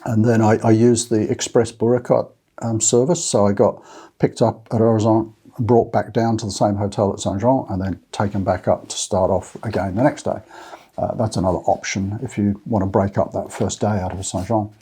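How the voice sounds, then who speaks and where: Australian male vlogger, husky, relaxed, rambling casual chat to camera. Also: on the low side, moderate pace. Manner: rambling, many fillers and restarts. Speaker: Camino walking channel host. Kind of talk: casual talk to camera with notes.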